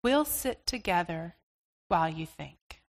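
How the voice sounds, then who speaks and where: Woman as gentle patient God, soft, slow, reverberant. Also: fairly low pitch, animated, gravelly, pitched below the performer's own voice. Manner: soft, unhurried, reassuring. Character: gentle patient male God, calm and kind.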